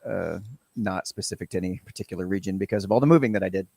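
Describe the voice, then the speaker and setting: Brief: male host, American with a slight Southern accent, earnest, fry in the voice, dry sound. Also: deep voice, racing, darkish tone, no room sound. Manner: earnest, restarts mid-sentence. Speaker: show host and producer. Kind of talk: casual discussion.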